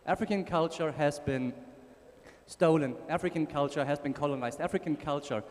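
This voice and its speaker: Man with German accent, casual conference speaker, slightly high voice, long ballroom reverb. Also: moderate pace, darkish tone. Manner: casual, joking with the audience and slide helper. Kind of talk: conference talk.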